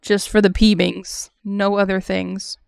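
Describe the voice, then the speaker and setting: A woman's voice: mid-range voice, level tone, measured pace, vocal fry, smooth, no echo, studio quality. A young woman art streamer chatting casually while she draws, thinking aloud with lots of fillers and little laughs.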